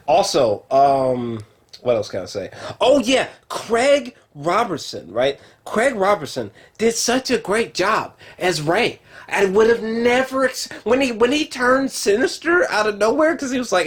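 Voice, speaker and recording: A man's voice: high-pitched, unhurried, breathy edge. A man reviewing a TV show in a casual, rambling way, full of fillers and swearing, talking to a camera at home. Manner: rambling, profane, lots of fillers; excitable, talks straight to camera. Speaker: film and TV reviewer.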